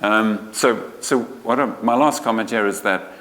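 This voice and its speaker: A man's voice: lowish voice, moderate pace, a bit bright. A man giving an informal conference talk as a conservation researcher, joking, colloquial and often restarting his sentences. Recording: long hall reverb.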